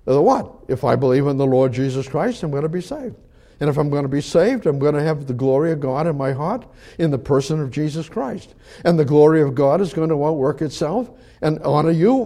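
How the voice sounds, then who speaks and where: Gravelly, animated male preacher. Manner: rhetorical questions, repetitive emphatic phrasing; swings between loud exclamation and low murmured asides. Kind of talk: sermon.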